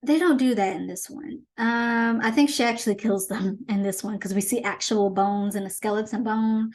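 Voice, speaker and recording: A woman hosting her own commentary show, chatty and animated as she retells a movie's plot in a casual review. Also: medium pitch, moderate pace. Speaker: host.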